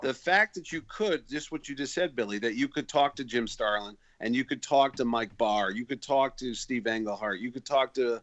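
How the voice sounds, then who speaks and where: A man's voice: medium pitch, normal speed, few pauses, fairly bright tone, no echo, muffled recording. A man guesting on a talk show as a convention organizer, telling rambling stories with restarts and acting out other people's voices. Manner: chatty, rambling with restarts and repeated words. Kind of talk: casual interview storytelling.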